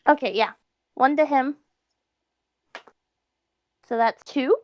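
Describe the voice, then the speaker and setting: A woman playing a tabletop game, soft-spoken and hesitant, sometimes dropping into a whisper as her character. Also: high voice, slow pace. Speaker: player. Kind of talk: tabletop game role-play.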